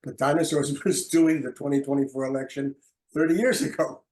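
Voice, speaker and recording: An older man, a guest actor in a casual chat, talking in a relaxed, self-deprecating way. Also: mid-range voice, brisk.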